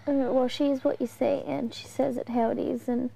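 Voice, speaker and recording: A woman's voice: high voice, flat delivery, normal speed, gravelly, warm tone, low-quality recording. A woman, a reality show housemate, talking in an earnest, persuasive way.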